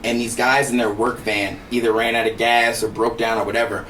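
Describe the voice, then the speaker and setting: A man with an American accent co-hosting a casual podcast chat, telling profane stories with animated quotes. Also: mid-range voice, far from the mic. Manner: fast, profane storytelling with animated put-on quotes. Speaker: podcast co-host. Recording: roomy echo, off-mic, faint hiss.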